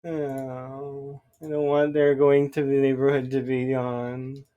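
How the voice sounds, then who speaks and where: A man's voice: medium pitch, flat delivery, slow pace, mellow, smooth, lo-fi sound. A man streaming a survival game, talking to himself with exasperated running commentary as he plays. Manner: exasperated, talks to himself while playing. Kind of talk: live gameplay commentary.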